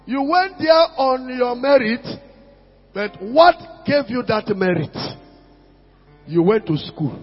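High-voiced preacher, husky and echoing. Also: male voice, animated, slow pace, long pauses, faint music behind. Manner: preaching with call-outs to the congregation. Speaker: pastor. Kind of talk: sermon. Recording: muffled lo-fi recording in a reverberant hall.

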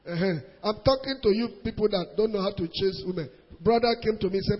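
A middle-aged man with a Nigerian accent, preaching to a congregation in lively storytelling, mixing Pidgin with English and acting out voices. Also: high-pitched, moderate pace. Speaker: pastor. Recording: dull recording in a large reverberant hall.

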